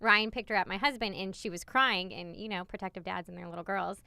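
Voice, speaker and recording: A woman's voice: medium pitch, fairly even intonation, a little fast, creaky, sharp tone, smooth, no echo, clean studio sound. A woman in her thirties co-hosting a podcast, telling family stories in a chatty way and laughing often. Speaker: podcast co-host, stylist coach. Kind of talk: casual podcast chat.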